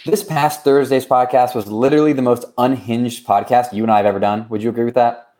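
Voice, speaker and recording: A man hosting a laid-back podcast in a mid-range voice, joking between promos and shout-outs. His talk is loose and playful, and he keeps the segment moving with teasing asides to his co-host. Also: mid-range voice, steady tone, fast talker. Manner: jokey, runs through promos and shout-outs. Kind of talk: casual podcast chat. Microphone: remote recording.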